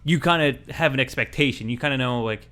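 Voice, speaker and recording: A man's voice: medium pitch, quick pace, a bit bright. A man co-hosting a gaming podcast, talking casually and rambling with many fillers. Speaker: podcast co-host.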